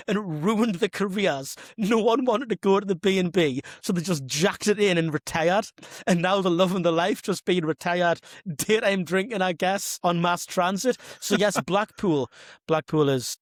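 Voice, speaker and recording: Brief: higher-pitched English man, podcast co-host, sweary storyteller, dry close mic. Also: dry recording. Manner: swears freely, riffs in absurd tangents. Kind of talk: casual comedic podcast chat.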